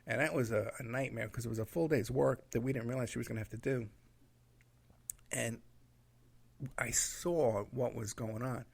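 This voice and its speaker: A man's voice: medium pitch, steady tone, moderate pace, gravelly, long pauses. A man telling a rambling road trip story in a casual way, laughing at his own anecdotes and acting out what people said.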